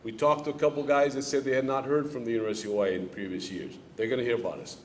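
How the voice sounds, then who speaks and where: A man's voice: mid-range voice, very fast, slight background noise. A middle-aged man, a head football coach, answering audience questions at a club luncheon in a plainspoken way and repeating key lines for emphasis. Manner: plainspoken, coaching-talk rhythm. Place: event hall before a live audience.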